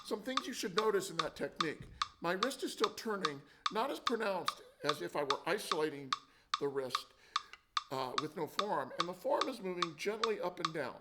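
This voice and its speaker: Man teaching drum rolls, high voice. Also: heavy background noise. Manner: counting and vocalizing drum rhythms. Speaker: percussion teacher. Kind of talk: instructional demonstration. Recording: loud drumming and clicks behind.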